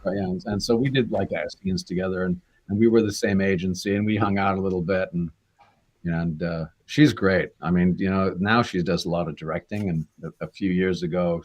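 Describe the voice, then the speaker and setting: A man's voice: low-pitched, fairly even intonation, fairly quick. A Canadian man in his sixties, an actor guest, telling rambling stories in a casual interview and acting out voices. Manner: rambling anecdotes, acts out quoted voices.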